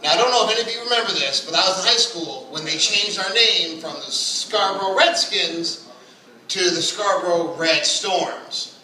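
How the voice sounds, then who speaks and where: A man performing a crude, brash stand-up set at an open mic night, now and then shouting in put-on voices. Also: sits high, normal speed. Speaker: stand-up comedian. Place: small comedy club stage. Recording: echoey room, mic at a distance.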